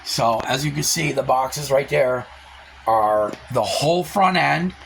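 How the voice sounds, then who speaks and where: A man venting in a casual vlog, telling stories with loud quoted outbursts and swearing. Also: mid-range voice, measured pace, creaky, noisy background. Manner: animated storytelling with loud quoted outbursts and profanity. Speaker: car reseller vlogger.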